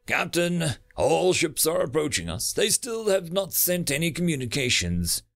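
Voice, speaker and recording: A man's voice: fairly high pitch, big pitch swings. A man voicing a nervous young male ensign reporting to his captain in a narrated sci-fi story. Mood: anxious. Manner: quick, anxious reports.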